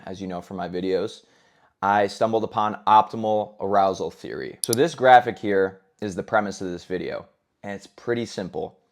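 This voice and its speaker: A young man in his twenties with a somewhat low voice talks straight to the listener. His tone is candid and earnest, and it stays casual, like a personal story shared among friends. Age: 20s. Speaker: self-improvement vlogger.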